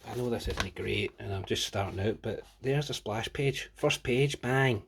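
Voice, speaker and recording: A man's voice: on the low side, normal speed, gravelly, background noise. A Scottish man giving a casual, rambling comic book review, full of swearing and rants. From Scotland. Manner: profane, ranting, sweary.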